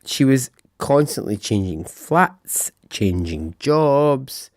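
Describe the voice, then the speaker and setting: A man's voice: mid-range voice, sing-song, takes it slowly, no echo, studio quality. A man hosting a podcast, telling a true-crime story in a chatty, musing way, asking himself questions and swearing freely. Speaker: podcast host.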